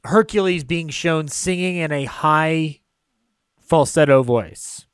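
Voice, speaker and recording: A man's voice: fairly high pitch, takes it slowly, smooth, no echo. A man co-hosting a podcast, talking through a film in a casual, digressive way and swearing freely. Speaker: podcast co-host.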